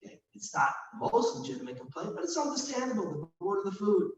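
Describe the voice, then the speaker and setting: A man's voice: high voice, big pitch swings, quick pace. A man leading a service, giving an informal sermon and reading scripture aloud, who often asks his listeners questions. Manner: reads scripture aloud dramatically. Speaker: rabbi and cantor leading a service. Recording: distant mic in echoey room, dull sound, faint hum.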